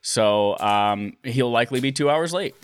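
A man hosting a casual podcast from his living room, excitable and laughing often, swearing casually as he chats. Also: mid-range voice, measured pace, clear, resonant tone. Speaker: podcast host. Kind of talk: casual chat.

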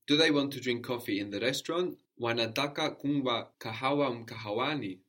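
A man teaching a language lesson, repeating each answer back slowly and checking understanding with a questioning "no?". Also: mid-range voice, fairly bright tone.

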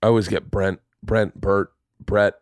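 A man's voice: on the low side, unhurried, no echo, studio quality. A man in his forties hosting a podcast, telling stories in casual chat, swearing freely and acting out the voices of people in his stories. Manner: animated storyteller, swears freely, acts out voices. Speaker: podcast host.

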